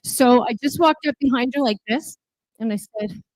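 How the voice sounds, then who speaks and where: Brief: high, dry-sounding woman, councillor giving an emphatic storytelling speech. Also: moderate pace, a little mellow, no room sound, rough recording. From Canada. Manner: emphatic, repeats key lines. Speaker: city councillor speaking at a political gala. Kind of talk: animated personal storytelling speech.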